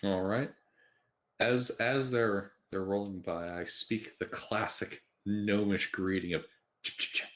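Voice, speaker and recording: Relaxed low-voiced tabletop player. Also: male voice, takes it slowly. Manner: relaxed, matter-of-fact declarations of actions. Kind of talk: casual tabletop game play.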